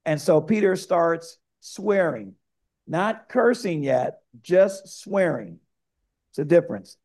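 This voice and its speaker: A male pastor preaching a sermon, telling a story in a lively way and speaking straight to the congregation. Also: fairly high pitch, slow pace.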